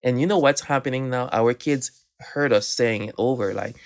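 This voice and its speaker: A Haitian man co-hosts a casual faith podcast, telling stories animatedly and restarting often. His voice is mid-range and his pace moderate.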